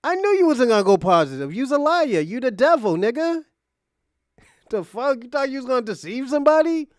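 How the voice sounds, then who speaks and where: A man's voice: very high voice, big pitch swings, fairly quick, no echo, studio quality. A man giving heated reaction commentary, angry and profane, ranting in disbelief. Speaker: commentary streamer.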